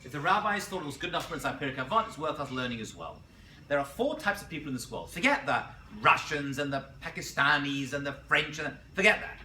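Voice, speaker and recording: A man teaching a college class as a rabbi, lively and quizzing his students, correcting himself as he goes. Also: a little high, fast, a little hiss or hum. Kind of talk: classroom lecture. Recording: roomy classroom picked up from a distance.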